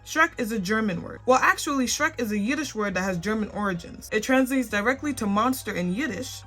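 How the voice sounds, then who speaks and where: A young woman rattles through a numbered list at a quick clip, hosting her own casual facts video. She keeps it chatty and drops dry asides along the way. Soft music sits faintly underneath. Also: medium pitch. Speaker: host.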